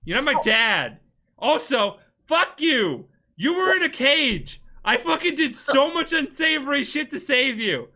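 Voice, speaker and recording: A woman's voice: high-pitched, very animated, unhurried, pitched above the performer's own voice, full character voice. Woman playing a brash, swearing young samurai. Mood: defiant angry. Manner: yelling defiantly, swearing. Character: brash cursing young male samurai hero. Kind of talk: drunken podcast retelling.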